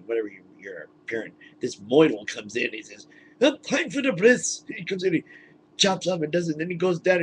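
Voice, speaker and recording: A man ranting into a webcam, indignant and animated, laughing often between points. His mid-pitched voice swings widely up and down, with a faint hiss behind it. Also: low-quality recording. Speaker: vlogger. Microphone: webcam mic.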